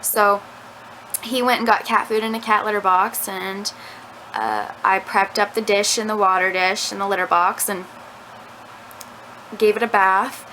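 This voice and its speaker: Unhurried and pausing at length, a young vlogger's mid-range, sharp voice rambles through a story at home, leaning heavily on "like". It's a rough recording from her camera mic, with slight background noise.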